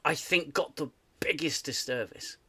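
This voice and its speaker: A man from the UK hosts a casual live stream chat, his voice bright and a little higher than most. He rants with animated energy, tripping over restarts as he goes. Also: normal speed, breathy edge. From United Kingdom. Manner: animated, ranting, many restarts. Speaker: host.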